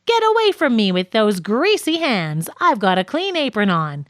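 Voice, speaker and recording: A woman's voice: a little high, very animated, moderate pace, a bit bright, dry recording, clean studio sound. A woman reading as a fussy, flustered man. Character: flustered middle-aged man, fussy and vain. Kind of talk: audiobook reading of a radio sketch.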